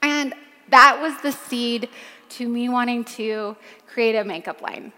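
A woman's voice: fairly high pitch, measured pace, sharp tone, in a large hall. A woman on stage giving a personal talk to a crowd, chatty with many ums, her voice a little cracked from screaming. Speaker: keynote speaker, founder of a makeup line.

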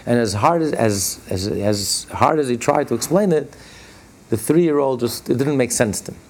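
A man teaching a religious lesson and telling stories, stressing key words with sudden jumps in pitch. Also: moderate pace, a little mellow. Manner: retells stories by acting out their dialogue. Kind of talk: Torah class storytelling.

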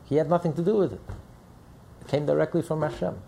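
A man's voice: fairly high pitch, fairly even intonation, quick pace, creaky, dark tone, a little hiss or hum. A man teaching a Torah lecture as a rabbi, emphatic and repeating phrases as he builds each point.

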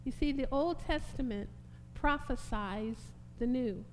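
Woman preacher, impassioned sermon, high and slow, reverberant hall. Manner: impassioned, rising to emphatic peaks. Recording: long hall reverb, faint hum.

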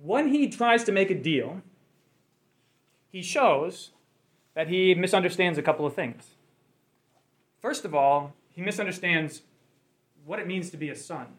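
High voiced guy teaching a bible class, chatty, keeps asking the group stuff. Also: lively intonation, measured pace, long pauses. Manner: conversational, asks the group questions. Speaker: Bible study leader.

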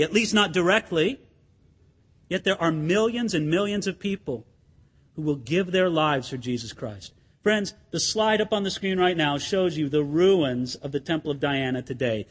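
A man with a strikingly high voice preaches a sermon. He keeps the congregation with him through emphatic rhetorical questions, and now and then he acts out the chants and the words of a crowd. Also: lively intonation, moderate pace, fairly bright tone, breathy edge. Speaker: pastor.

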